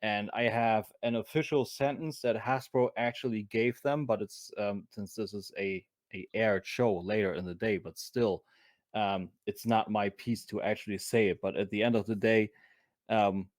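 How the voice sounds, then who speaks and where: A man with a German accent, a podcast guest talking in a halting, casual way with many restarts. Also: on the low side, fairly even intonation, no room sound, clean studio sound. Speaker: podcast guest, convention vendor. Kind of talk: casual chat.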